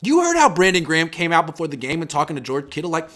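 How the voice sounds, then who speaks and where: A man in his thirties hosting a casual sports talk show, animated and acting out quotes in swinging voices. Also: fairly high pitch, rapid-fire.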